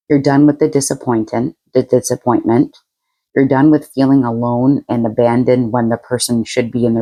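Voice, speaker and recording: A woman's voice: a bass voice, warm tone, rough recording. A woman giving a casual tarot reading to her viewers, chatty and frank, laughing often and using blunt slang. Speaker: tarot reader.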